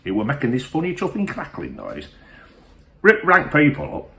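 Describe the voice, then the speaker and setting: A man's voice: fairly high pitch, huge pitch swings, normal speed, vocal fry, bright, forceful tone. A man who reviews whisky and tells rambling comic stories, peppering every phrase with mild swearing.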